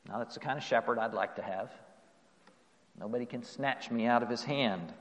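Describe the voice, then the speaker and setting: A man preaching a sermon earnestly, asking rising questions and letting phrases fall away softly. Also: medium pitch, moderate pace. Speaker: pastor. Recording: long reverb of a hall.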